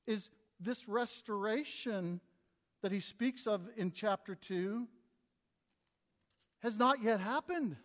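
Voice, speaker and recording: A man with a high voice preaches a sermon, rising to loud, emphatic scripture readings and then dropping low and quiet. His voice rings out through a long church reverb. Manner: preaching with big swings between loud emphasis and quiet asides. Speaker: pastor.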